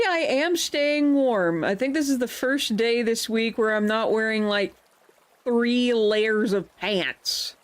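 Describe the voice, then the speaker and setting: A woman with a voice on the high side hosts a livestream, chatting casually with her viewers. Playful and quick to laugh, she fires back mock-offended comebacks when teased.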